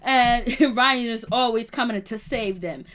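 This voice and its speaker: A woman's voice: a little high, a little slow. A woman hosting a live show, recapping a reality episode in slang-heavy casual talk, acting out quotes and laughing often. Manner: animated retelling, acts out quotes, frequent laughter. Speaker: YouTube show host reviewing reality TV. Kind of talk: live-stream commentary chat.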